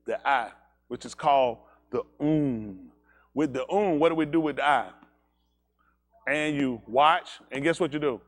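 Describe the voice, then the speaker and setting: A man's voice: medium pitch, measured pace. Emphatic man preaching a teaching sermon. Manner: emphatic, asks the room many rhetorical questions. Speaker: teacher leading a congregation. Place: synagogue service.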